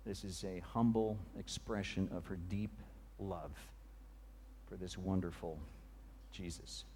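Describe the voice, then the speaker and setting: A male preacher giving a sermon, retelling a scene with dramatic, vivid storytelling that often drops to a hush. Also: on the low side, slight background noise.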